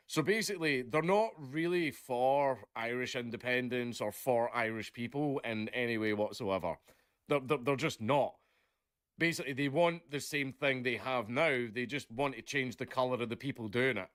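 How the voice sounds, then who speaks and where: Man, mid-pitch, rambling casual rant heavy on fillers and swearing; dry close recording. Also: normal speed, fairly bright tone, clear, resonant tone, no echo. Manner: rambling, leans on "basically" and "right?", swears a lot. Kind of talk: casual ranting chat.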